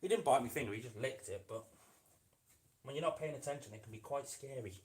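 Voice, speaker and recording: A man's voice: mid-range voice, quick pace. A man with a mid-range voice chats casually through a live stream, talking affectionately to his lizard as he sets up its tank. The room rings back with a noticeable echo. A faint hiss of noise sits under his voice, which sometimes drifts further from the camera. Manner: chatty, talks fondly to his lizard as "mate". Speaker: reptile keeper and channel host. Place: indoors by a reptile enclosure.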